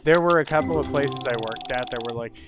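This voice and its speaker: A man's voice: medium pitch, a little fast, background noise. A man hosting a casual let's play, ranting sarcastically with lots of swearing. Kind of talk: casual gameplay commentary with ranting stories.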